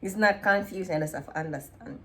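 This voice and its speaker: A woman with a Jamaican accent hosting a casual video chat, relaxed and laughing often as she slips into patois. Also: on the low side, fairly quick. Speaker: vlog host. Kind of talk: casual chat comparing dialects.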